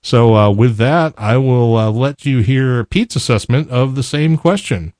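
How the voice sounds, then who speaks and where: A man's voice: medium pitch, measured pace, a little mellow, no echo, studio quality. A man co-hosting a podcast, talking casually and spelling out names letter by letter. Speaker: podcast co-host. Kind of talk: casual tech podcast talk.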